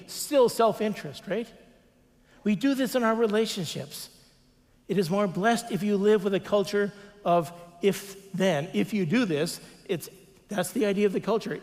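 A man's voice: high-pitched, moderate pace, a little mellow, big-room sound. A man preaching a sermon as a pastor, earnest, with repeated refrains and acted-out quotes.

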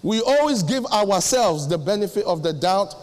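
A middle-aged male pastor preaching, acting out little dialogues with sudden jumps in pitch. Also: lively intonation, normal speed. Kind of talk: sermon. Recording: long hall reverb.

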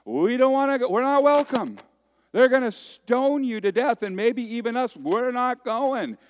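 A man voicing a group of frightened male disciples begging their teacher not to travel somewhere dangerous, in a high, loud, whiny plea. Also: expressive, unhurried, in a large hall, slight background noise. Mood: panicky pleading.

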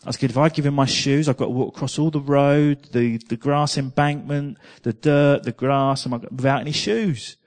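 Preaching to his congregation, this man shares his own testimony in a conversational tone, often repeating words and letting out small laughs. His middle-pitched voice is slightly mellow, with fairly even intonation, normal speed and almost no pauses.

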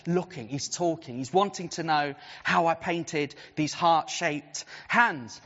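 Chaplain, animated storytelling sermon, long church echo, dull lo-fi sound. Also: medium pitch. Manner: animated, vivid storytelling with swings of pace. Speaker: preacher and city centre chaplain.

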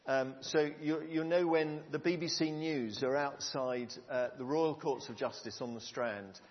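Delivering a sermon a little slowly at medium pitch, a man talks to his congregation in an earnest, conversational way and asks them questions. Long hall reverb and a dull lo-fi quality mark the recording.

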